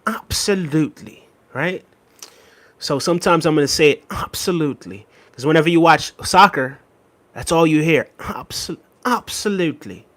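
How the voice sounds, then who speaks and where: A man's voice: fairly high pitch, moderate pace, fairly bright tone. Casual man hosting a livestream. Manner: conversational, repeats phrases, laughs often. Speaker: livestream host. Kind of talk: casual livestream chat reading comments.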